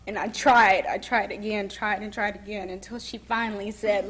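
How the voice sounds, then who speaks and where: A young woman speaking at a summit and telling her own story in an emotional testimony, softly, with pauses and restarts. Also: medium pitch, steady tone, breathy edge. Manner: soft-spoken and emotional, pausing and restarting. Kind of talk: personal testimony speech. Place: summit event.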